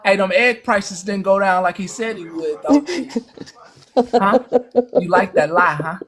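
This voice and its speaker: A woman's voice: medium pitch, measured pace, a crowd in the background. A woman hosting a casual live-stream commentary, mocking and preachy, hammering her points home by repeating phrases. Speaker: host.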